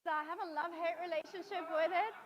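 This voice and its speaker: A woman opening her conference talk in a gracious, relaxed and friendly way. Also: very high voice, fast, highs cut off. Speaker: conference speaker.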